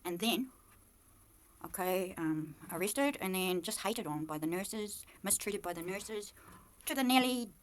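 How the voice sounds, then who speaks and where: A woman's voice: expressive, measured pace, a little hiss or hum. Agitated woman with a New Zealand accent. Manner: agitated, accusatory, swings between low muttering and loud outbursts. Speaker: vlogger. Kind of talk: impassioned monologue to camera.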